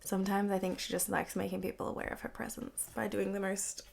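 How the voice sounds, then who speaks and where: Congested, croaky young woman vlogging. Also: medium pitch, little pitch movement, quick pace, slight background noise. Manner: chatty, fills speech with "like". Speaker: beauty vlogger. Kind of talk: casual chat to camera. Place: her bedroom.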